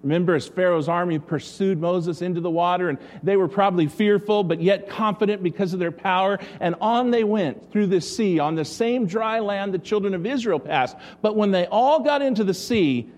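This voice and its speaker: A man's voice: high-pitched, darkish tone. A man preaching a sermon as pastor, asking the congregation rhetorical questions.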